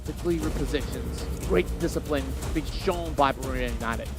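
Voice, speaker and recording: A man giving live play-by-play commentary on a competitive esports match, with energetic delivery and sudden excited bursts. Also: mid-range voice, normal speed, over music. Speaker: esports caster.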